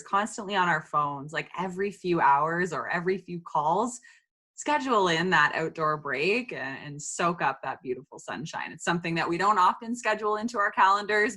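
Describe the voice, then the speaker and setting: A woman's voice: on the low side, bright, forceful tone. A woman hosting a podcast interview, encouraging and upbeat as she moves between her guest's tips. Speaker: podcast host.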